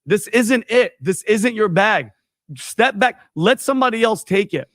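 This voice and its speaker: Very high-voiced blunt man. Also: lively intonation, unhurried, a bit bright, no room sound, clean studio sound. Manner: blunt, insistent. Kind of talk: opinionated panel talk.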